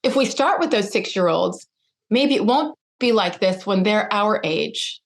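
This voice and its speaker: A middle-aged woman speaking as a podcast guest, telling a personal story with lively, acted-out dialogue. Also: medium pitch, unhurried. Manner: animated, acts out quoted dialogue.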